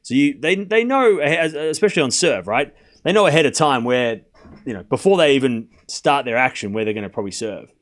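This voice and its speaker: Calling points on his live tennis watchalong stream, a male host keeps up casual banter with viewers. He speaks at a medium pitch, expressively and a little fast, in a chatty way full of laughter and direct talk to chat.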